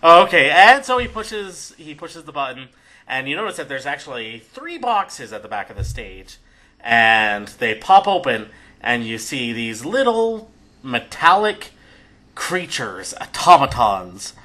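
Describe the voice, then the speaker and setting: A man narrating a tabletop game as game master in a relaxed, conversational way. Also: mid-range voice, a little slow, poor audio.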